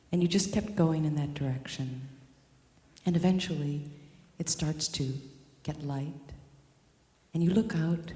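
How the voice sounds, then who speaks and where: A woman telling a story in a slow, dry, deadpan spoken-word style. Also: low-pitched. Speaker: performance artist. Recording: echoey hall with music behind.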